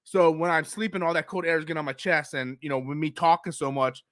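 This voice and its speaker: A man's voice: fairly high pitch, fairly even intonation, fast, fairly bright tone, no echo. A man hosting a casual live stream, heated and profane, who breathes through his mouth and coughs often.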